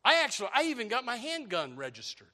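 An older man delivers a sermon. His voice sits high and bright, and it swings widely as he jokes and shouts. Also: fast. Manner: animated preaching with humor and shouts. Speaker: pastor.

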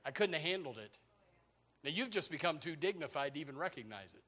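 An older man delivers a sermon. His voice sits high and bright, and it swings widely as he jokes and shouts. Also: fast talker. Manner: animated preaching with humor and shouts. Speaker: pastor.

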